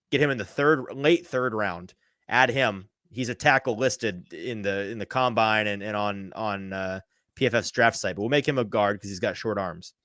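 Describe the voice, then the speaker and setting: A man hosting a sports podcast, talking casually in an animated, sarcastic way, firing off ideas with quick restarts. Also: medium pitch, no room sound, clean studio sound. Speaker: podcast host.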